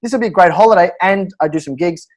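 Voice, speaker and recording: High-voiced Australian man telling anecdotes. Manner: animated, fast anecdotes with laughs and restarts. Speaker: stand-up comedian guest. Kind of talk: casual storytelling.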